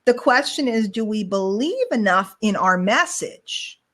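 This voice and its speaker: A woman's voice: medium pitch, sing-song, a little slow, a bit bright. A woman hosting a casual online show, chatting in a rambling, storytelling way over a video call. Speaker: show host.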